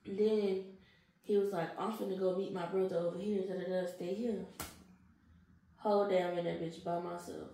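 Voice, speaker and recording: Interviewed about her story, this young adult woman speaks at a moderate pace in a lowish voice. She's animated and slangy, acting out other people's quotes, and the audio carries an echo and faint noise.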